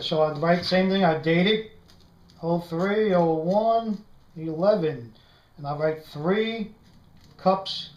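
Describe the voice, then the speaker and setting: Man, New York accent, chatty how-to talk, roomy echo, light background noise. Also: high voice. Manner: chatty, says "right?" constantly, animated storyteller. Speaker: prepping video host. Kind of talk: casual how-to vlog. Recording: echoey room, faint noise.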